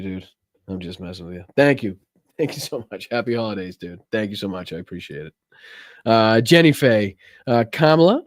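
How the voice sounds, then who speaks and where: A man's voice: medium pitch, no echo, studio quality. A man with a Boston accent hosting a live politics stream, chatting casually, swearing and laughing often as he rambles. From Massachusetts, USA.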